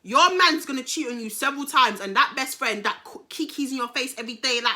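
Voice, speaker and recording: Bright-voiced young British woman telling a story. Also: sits high, fast talker. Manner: animated, slangy, swearing. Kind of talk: casual storytime.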